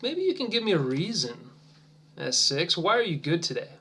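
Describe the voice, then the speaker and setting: A man demonstrates an English lesson for teachers in an encouraging, drawn-out style, sinking to soft near-whispers while he waits for answers. His voice sits high and is very animated.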